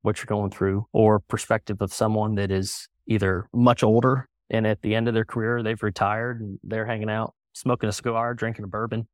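A middle-aged man talking casually as a podcast guest, relaxed and full of fillers. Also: lowish voice, brisk, hardly any pauses, no echo, studio quality. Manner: relaxed, conversational, many fillers. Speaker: guest, company co-founder.

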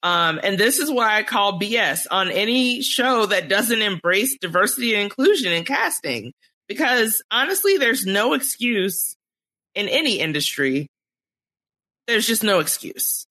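A woman co-hosts a casual podcast chat with a bright, forward voice. She speaks with animated emphasis and laughs easily as she talks. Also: mid-range voice, a little slow. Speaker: podcast co-host.

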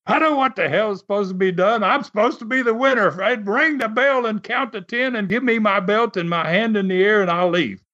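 A man voicing an arrogant male wrestling villain who shouts and boasts. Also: sits high, a little fast, hardly any pauses, pitched above the performer's own voice. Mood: blustering. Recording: slightly muffled recording.

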